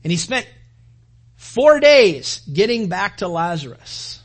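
A man delivers a sermon in a loose, conversational storytelling manner, acting out the voices in the scripture he retells. His voice is somewhat husky and sits a little high for a man. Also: very animated, slow. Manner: conversational storytelling, acts out quoted lines. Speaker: pastor.

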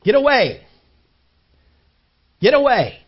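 Guy doing a frustrated dad shouting and pleading, high husky voice, kinda dull lo-fi sound. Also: very animated, takes it slowly, heavily acted. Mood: exasperated. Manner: pleading, scolding, raised voice. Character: exasperated grown father shouting at a bird. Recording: dull lo-fi recording.

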